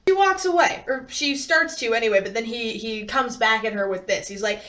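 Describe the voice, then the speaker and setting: A young woman from Michigan reads a novel aloud and breaks off for sarcastic, animated commentary that now and then turns to swearing. Her voice sits a little high. She sounds somewhat distant from the microphone. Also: moderate pace, hardly any pauses. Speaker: host reading and commenting on a novel. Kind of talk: sarcastic read-along commentary.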